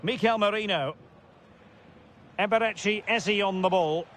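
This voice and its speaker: This recorded football video game commentary comes from a man whose voice sits high and unhurried. He snaps out player names and erupts into shouted goal calls, with slight background noise.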